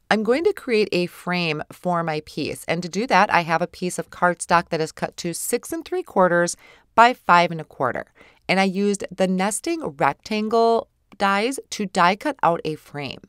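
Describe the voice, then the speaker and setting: A woman with a congested cold voice explaining a craft project step by step in a relaxed voice-over, now and then stumbling over her words. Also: fairly low pitch, smooth, no room sound, clean studio sound. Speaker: craft tutorial presenter.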